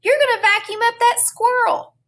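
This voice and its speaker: A woman voicing an excitable, imaginative young girl who shouts in a high, shrill voice while reading a storybook aloud. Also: moderate pace. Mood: alarmed.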